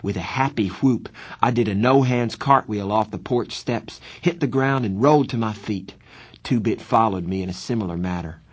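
A man reading a novel aloud as the first-person narrator, in plain, steady storytelling. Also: on the low side, moderate pace, slightly rough. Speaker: audiobook narrator.

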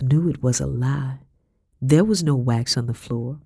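A woman narrating an audiobook in a measured, expressive reading style. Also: very deep voice, creaky, slightly rough, no room sound. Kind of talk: scripted narration. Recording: dry close audiobook recording.

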